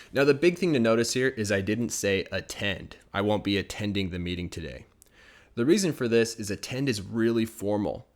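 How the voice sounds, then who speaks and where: An American man teaching English phrases for the workplace in a relaxed, explanatory way, acting out short dialogues as examples. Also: fairly low pitch. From United States. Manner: explains patiently, acts out short everyday dialogues. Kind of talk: casual language lesson.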